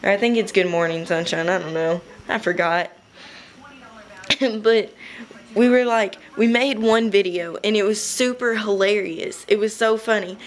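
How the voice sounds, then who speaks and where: A young woman casually telling a rambling story to her webcam at home, chatty and giggly, with quick bursts. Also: medium pitch. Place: home room.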